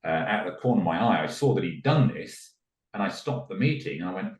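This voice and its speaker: A man's voice: sits low, expressive, fast, far from the mic. A middle-aged man, a podcast guest, telling a story and acting out its characters in raised voices. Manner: acts out the people in his story in raised voices. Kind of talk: animated storytelling. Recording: echoey room, a little off mic.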